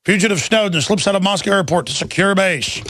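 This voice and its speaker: A man's voice: sits high, brisk, fairly bright tone, dry recording. A man hosting a talk radio show, ranting and sarcastic as he reads headlines, plugs sponsors and takes calls on a studio mic.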